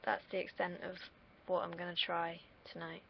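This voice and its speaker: A woman's voice: on the low side, monotone, normal speed, creaky, a little hiss or hum. A young woman from the UK, vlogging in a rambling, self-deprecating monologue and swearing freely. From United Kingdom. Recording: dull lo-fi recording.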